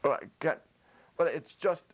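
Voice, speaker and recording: A man's voice: a little high, normal speed, lo-fi sound. A man giving a playful comic lecture, joking while he demonstrates ventriloquism with food in his mouth.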